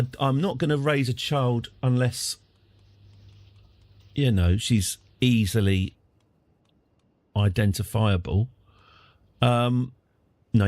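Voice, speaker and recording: A man's voice: mid-range voice, dry recording. A man streaming a strategy game live, chatting with jokey asides.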